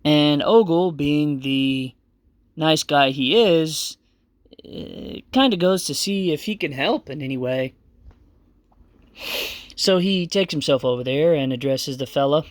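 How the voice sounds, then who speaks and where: A man's voice: on the high side, slow pace, dry recording. A man narrating a tabletop game as game master, in a casual, rambling way with many fillers.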